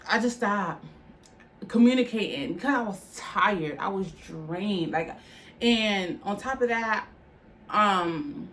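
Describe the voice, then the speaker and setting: A woman's voice: medium pitch, a bit bright, a little hiss or hum. Candid woman vlogger sharing her faith story. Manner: candid, conversational, heartfelt, with frequent "like" fillers. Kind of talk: personal testimony vlog.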